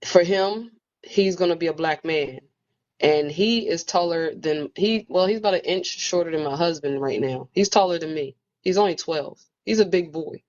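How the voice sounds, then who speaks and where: A woman's voice: lowish voice, normal speed, darkish tone. A woman in a casual book club conversation, telling a personal story in a reflective, storytelling manner. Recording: muffled lo-fi audio.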